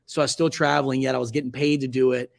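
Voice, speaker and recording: Speaking rapid-fire with a flat delivery and vocal fry, this guest photographer is a man in his forties from Virginia Beach, United States. His casual interview stories ramble, packed with fillers and self-corrections, and he jumps to a much higher voice for quoted speech.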